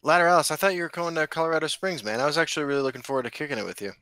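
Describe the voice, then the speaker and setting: A jokey man co-hosting a casual podcast, laughing often and swearing freely. His voice is bright and forceful, a little high, and the recording is dry and close. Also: very fast, no echo. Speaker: podcast co-host. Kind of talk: casual chat.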